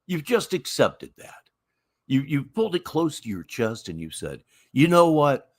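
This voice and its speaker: A man with a sardonic, mocking delivery talks over video clips, his pitch jumping all over between loud jabs and quiet asides. He sounds like a host running a running commentary. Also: wildly swooping pitch, normal speed. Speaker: show host reacting to clips.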